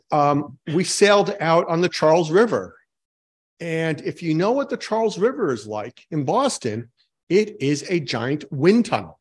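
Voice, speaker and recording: Higher-voiced man preaching conversationally. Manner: informal, asks the congregation questions, self-mocking jokes. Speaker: pastor. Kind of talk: conversational sermon.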